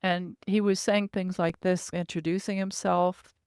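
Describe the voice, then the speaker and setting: A woman's voice: lowish voice, flat delivery, measured pace, a little mellow, smooth, no echo. Female guest, earnest vivid storyteller, dry close sound. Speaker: podcast guest. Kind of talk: recounting personal experiences.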